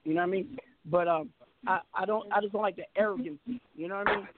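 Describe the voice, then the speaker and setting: Middle-aged male call-in radio host, high voice, rambling casual delivery, thin phone-line sound. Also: fast, noisy background. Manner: rambling, repeats words, stammering restarts.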